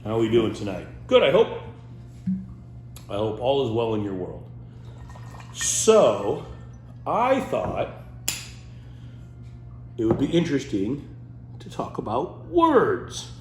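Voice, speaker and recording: Animated man hamming it up. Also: mid-range voice, slow pace, pauses often, reverberant, faint music behind. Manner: animated, silly, keeps breaking into goofy voices. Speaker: comedy host. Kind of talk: playful comic monologue to camera.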